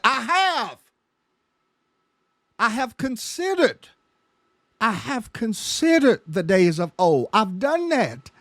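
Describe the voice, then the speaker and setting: A high-pitched man preaches a Bible study at a slow, deliberate pace. He stammers and repeats words as his emphasis rises. The sound is dry and close. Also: no echo. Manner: emphatic, stammering repetitions, rising passion. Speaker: pastor.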